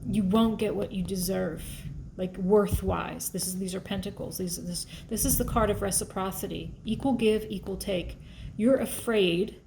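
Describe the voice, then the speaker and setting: Chatty tarot reader woman, gravelly edge. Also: mid-range voice, dark tone, slight background noise. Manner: emotional, chatty, thinks aloud while pulling cards. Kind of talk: casual tarot reading to camera.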